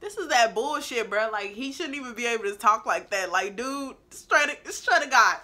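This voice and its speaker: A young woman telling a casual storytime, animated and blunt with plenty of swearing, dropping into low asides and rising into loud outbursts. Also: normal speed, a little hiss or hum. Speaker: beauty vlogger telling a story.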